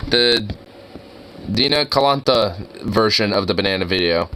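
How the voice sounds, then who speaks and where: A young man doing casual reaction commentary, incredulous and excitable, who swears a lot and trips over his words. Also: mid-range voice, normal speed, long pauses, a little hiss or hum. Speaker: reaction video host.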